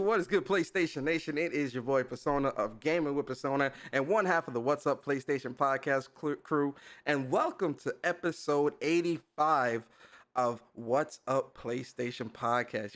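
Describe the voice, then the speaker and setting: Hyped, high-voiced gaming podcast host. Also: male voice, normal speed. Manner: animated, hype, repeats phrases like "you understand?". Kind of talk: casual gaming podcast chat. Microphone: home mic over Discord call.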